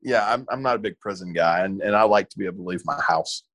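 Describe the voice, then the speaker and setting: A man's voice: deep voice, quick pace, fairly bright tone. A man co-hosting a casual sports podcast, talking in a dry, matter-of-fact way. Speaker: podcast co-host.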